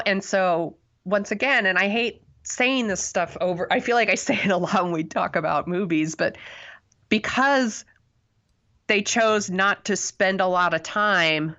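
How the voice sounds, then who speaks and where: A woman's voice: on the low side, fairly bright tone, dull audio. A woman co-hosting a podcast, talking through a movie review in a loose, rambling way with lots of fillers and self-deprecating laughs. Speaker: podcast co-host. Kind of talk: casual movie review chat.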